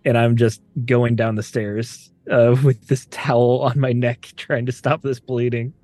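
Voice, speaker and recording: A man's voice: mid-range voice, flat delivery, measured pace, a little mellow, no echo. Man playing a tabletop game, dry close sound. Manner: hesitant, checking details before acting. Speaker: player.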